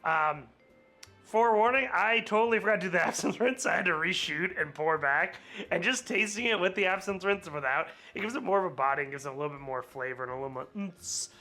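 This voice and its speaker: Fast and high, with a pushed, bright voice over soft background music, this man hosts an easygoing cocktail-making vlog. He's slightly hungover, chatting and laughing often as he goes off on rambling tangents.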